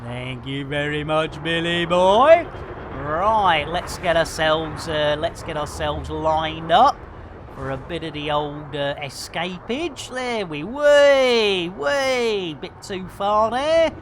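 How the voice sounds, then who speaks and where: A man's voice: fairly high pitch, takes it slowly, noisy background. A man giving playful, theatrical commentary on a live game stream. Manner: jokey, theatrical, lots of pet phrases.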